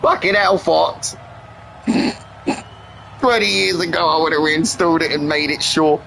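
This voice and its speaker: A man chatting excitedly on a live game stream, swearing freely and trading teasing banter with his friends. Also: fairly high pitch, slow, creaky, slight background noise. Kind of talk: live-stream gameplay chat.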